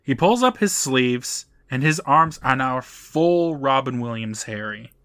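A man's voice: medium pitch, animated, unhurried, fairly bright tone, no room sound, clean studio sound. A man co-hosting a podcast, wryly recapping a TV episode and laughing often as he talks. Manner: wry, laughs often, acts out quotes. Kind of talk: casual chat, recapping a TV episode.

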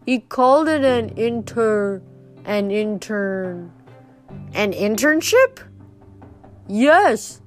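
A woman voicing a gentle young male cyclops who speaks slowly in short, halting phrases. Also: medium pitch, animated, faint music behind. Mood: earnest. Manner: slow, halting, simple phrasing.

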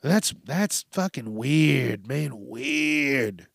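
A man's voice: animated, very slow, creaky, no echo, clean studio sound. A man hosting a podcast, ranting casually and profanely about everyday annoyances, with an exasperated tone. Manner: profane, exasperated, mimics people in high voices. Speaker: podcast host.

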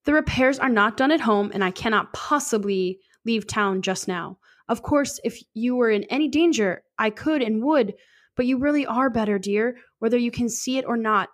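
A woman's voice: a little high, moderate pace, close to an everyday voice. A woman reading the lines of a stern, patronizing husband who is a doctor, as she reads a classic story aloud in her own voice. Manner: soothing, condescending reassurance.

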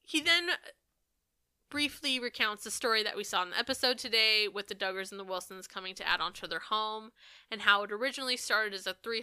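A woman's voice: medium pitch, clear, resonant tone, no echo, studio quality. A young woman co-hosting a podcast in casual chat, ranting with sarcasm and swearing freely. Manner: sarcastic and profane, animated ranting. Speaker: podcast co-host.

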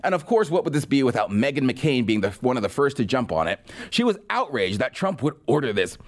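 Sarcastic man with a lively voice. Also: medium pitch, a little fast, few pauses. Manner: sarcastic, mocking. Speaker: podcast host. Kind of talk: political commentary.

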